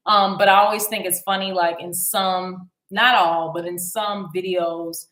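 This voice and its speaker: A woman's voice: lowish voice, steady tone, a little slow, fairly bright tone. A woman hosting a casual commentary vlog, rambling along with many ums and restarts. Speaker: YouTube commentary host. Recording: echoey room.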